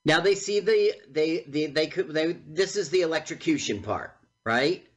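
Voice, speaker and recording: A man co-hosting a podcast, making puns and quick reactions while watching a movie. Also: fairly high pitch, expressive, a bit bright. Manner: playful punning, quick reactions. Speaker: podcast co-host. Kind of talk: casual movie-watching chat.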